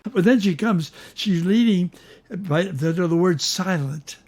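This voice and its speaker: An older man with a fairly high voice talks through hymn harmony in a relaxed, enthusiastic way. He slows down to stress a point and hums snatches of melody. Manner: enthusiastic, sings melody fragments, slows for emphasis. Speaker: host, music teacher. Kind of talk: casual teaching chat.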